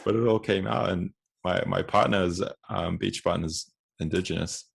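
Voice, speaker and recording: A man's voice: low-pitched, fairly even intonation, normal speed, creaky, husky. A man in his twenties, a podcast guest, telling a story casually with frequent restarts and acted-out quotes. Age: 20s.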